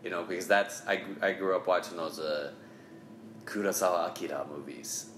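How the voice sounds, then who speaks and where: A man's voice: low voice, fairly even intonation, fairly quick, a bit bright, echoey room, slight background noise. A man in his thirties, a comedian from Ohio, talking bluntly and jokingly as a podcast guest. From Ohio, USA. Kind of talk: casual podcast conversation.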